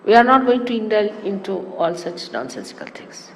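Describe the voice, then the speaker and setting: A woman giving a spiritual talk to followers, animated and teasing with amused asides. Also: mid-range voice, brisk. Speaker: spiritual teacher. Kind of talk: sermon-style spiritual talk. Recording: echoey hall with faint hiss, archive 1989 tape.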